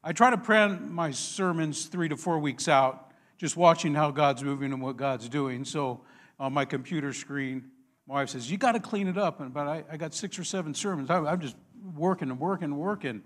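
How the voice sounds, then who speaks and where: A pastor delivers his sermon in an easygoing, chatty way, telling stories and laughing at himself. His voice sits a little higher than most men's. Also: normal speed. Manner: conversational, warm storytelling with self-deprecating laughs.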